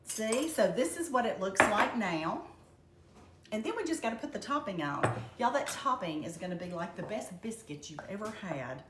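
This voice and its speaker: A woman's voice: mid-range voice, animated, moderate pace. Chatty Southern woman cooking in an echoey kitchen. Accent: Southern American. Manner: chatty, folksy, addresses viewers as y'all. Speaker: home cook. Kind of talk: casual cooking demonstration. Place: home kitchen. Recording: echoey kitchen with background noise.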